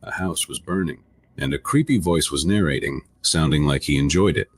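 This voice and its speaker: Brief: male narrator, very deep, dry close recording, even scripted read. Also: normal speed, breathy edge, no echo. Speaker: video narrator.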